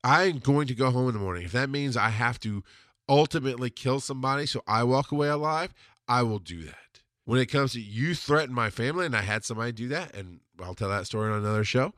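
A man's voice: medium pitch, a bit bright, no room sound. Blunt, intense man in a dry room. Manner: intense and blunt, swears freely; emphatic, slows down on hard points. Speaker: podcast host answering listener questions. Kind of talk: casual monologue.

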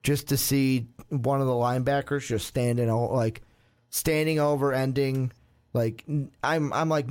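A man's voice: mid-range voice, steady tone, measured pace, darkish tone. A man hosting a casual sports podcast, rambling through anecdotes with quoted asides. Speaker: podcast host.

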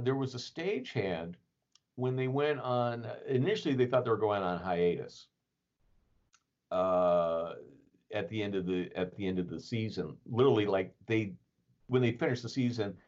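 A man's voice: lowish voice, darkish tone. A man telling a story in a casual, rambling way, with lots of fillers and chuckles. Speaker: podcast guest telling a story. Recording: dull lo-fi recording.

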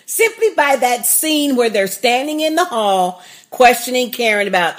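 A woman's voice: a little high, animated, moderate pace. A woman co-hosting a podcast in a chatty, agreeable way, with lots of mm-hmms and laughter. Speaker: podcast co-host. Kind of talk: casual chat.

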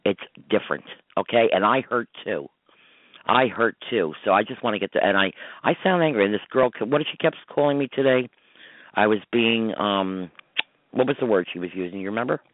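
A middle-aged man hosts a call-in radio show, his voice on the low side as he talks in an emphatic, rambling, upset way. He comes through a narrow, tinny phone line. The sound is dry, with no room around it. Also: brisk, no room sound. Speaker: radio show host, psychic medium.

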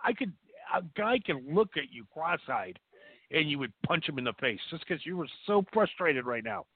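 Male co-host, high and animated, crude jokey rants; dry phone-like sound. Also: moderate pace, slightly rough, no echo. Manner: ranting, crude jokes. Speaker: podcast co-host. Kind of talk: casual profane banter. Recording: dry tinny phone-like audio.

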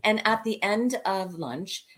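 A woman guest, a cabaret singer, telling stories from her career in an animated, conversational way and laughing often. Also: mid-range voice, slow pace. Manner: lively anecdotes, acting out the voices of people she quotes; laughs often mid-story.

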